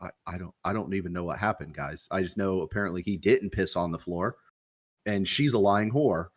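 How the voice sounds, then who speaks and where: Young man, podcast co-host, fairly low voice; loose, profane storyteller who acts out the quotes. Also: a little fast, breathy edge. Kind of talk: casual storytelling.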